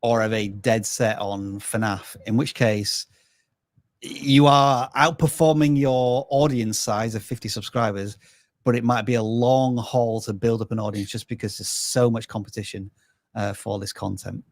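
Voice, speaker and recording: Measured man hosting a live review. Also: lowish voice, dry recording. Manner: measured, thinks aloud with small restarts. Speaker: host reviewing channels live. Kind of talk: casual live-stream review.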